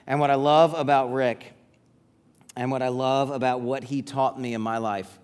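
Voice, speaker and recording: A man preaching a sermon to parents, repeating key words for emphasis and letting phrases trail off softly. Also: medium pitch, flat delivery, normal speed, clean tone.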